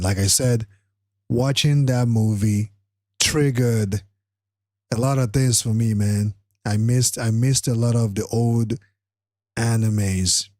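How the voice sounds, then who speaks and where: A weary man chatting on a live stream, his words slow and drawn out, full of ums and restarts. He sounds tired, like he can barely keep his eyes open. The sound is dry and close, with no room echo. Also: mid-range voice, warm tone. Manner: rambling, with frequent fillers and restarts. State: tired, struggling to stay awake. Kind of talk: casual live-stream chat.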